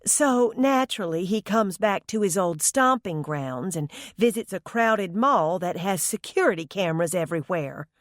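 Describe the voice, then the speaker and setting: A woman's voice: fairly low pitch, expressive, moderate pace, hardly any pauses, no room sound, studio quality, lightly acted. A woman voicing an indulgent, sarcastic older mother with a whispery voice in an audiobook. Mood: scolding. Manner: teasing, scolding.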